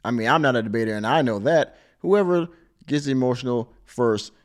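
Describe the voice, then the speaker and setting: A man's voice: medium pitch, expressive, moderate pace. A man hosting a live stream, reacting to a clip with wry, sarcastic asides. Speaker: podcast host reacting to a clip.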